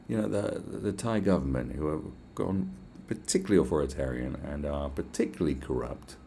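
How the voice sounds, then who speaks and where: A man hosting a solo podcast, ranting in a sarcastic, sweary, animated way. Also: a bass voice, creaky, slight background noise. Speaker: podcast host.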